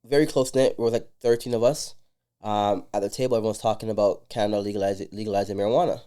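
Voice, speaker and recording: Brief: male podcast guest, rapid delivery, mellow dark tone, lively storyteller. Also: lowish voice, clean tone. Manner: animated storyteller who acts out dialogue. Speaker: entrepreneur guest. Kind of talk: casual podcast chat.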